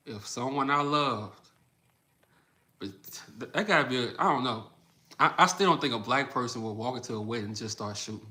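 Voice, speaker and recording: Blunt, bright-voiced man livestreaming. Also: mid-range voice, brisk. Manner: blunt, animated, repeats phrases for emphasis. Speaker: livestream host reading chat. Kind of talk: casual livestream commentary.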